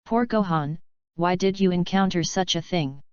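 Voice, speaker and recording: A woman's voice: fairly low pitch, moderate pace, darkish tone, clean tone, no echo, lo-fi sound, close to an everyday voice. A woman reading the lines of a worried mother fussing over her injured son. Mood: anxious. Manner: anxious fussing. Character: worried mother of a young boy.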